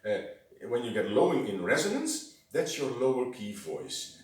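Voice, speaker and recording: A man whose first language is Dutch gives an informal singing lesson. He talks haltingly, keeps demonstrating low sung tones and tags his sentences with a questioning "eh?". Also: very animated. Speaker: vocal instructor. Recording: very echoey room, from a distance.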